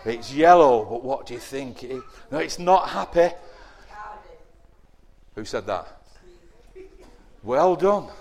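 A man giving a lively children's sermon, asking the young listeners questions and acting out whiny voices. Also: medium pitch, slow, long pauses. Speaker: preacher giving a children's talk.

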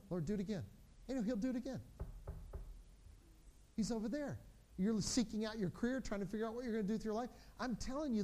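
Brief: male pastor, 40s, high-pitched voice, animated storytelling preacher who drops soft and low for reflection. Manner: animated storytelling, acting out his children's voices. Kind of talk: sermon.

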